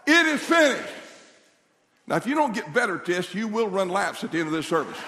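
A pastor preaching a sermon in a church hall, telling a Bible story with acted-out voices and building to shouted declarations. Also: male voice, sits high, expressive, fast talker, noisy background.

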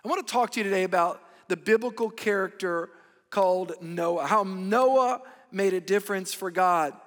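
High-voiced preacher in a reverberant hall. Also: male voice, normal speed. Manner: earnest, repeats key phrases for emphasis. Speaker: pastor. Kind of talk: sermon.

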